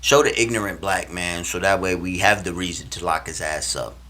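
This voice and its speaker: Low-voiced young man telling a story. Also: normal speed. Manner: animated, slangy, swings between loud and hushed. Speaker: vlogger. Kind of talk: casual personal storytelling.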